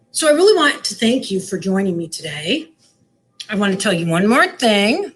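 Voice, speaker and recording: A woman's voice: mid-range voice, very animated, moderate pace, slight background noise. A woman librarian showing children how to cook, talking cheerfully in a sing-song way. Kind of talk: cooking demo for kids. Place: library lounge.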